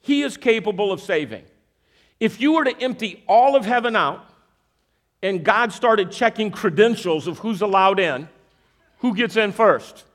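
Speaking at a measured pace in a high voice, this man delivers a sermon built around a magic trick as an object lesson. He keeps questioning and checking in with his listeners, repeating verses for emphasis in an animated way.

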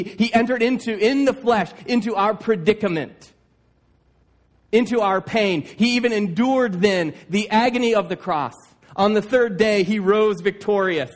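A male pastor preaching a sermon, emphatic, with stammered restarts and "like, like". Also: on the high side.

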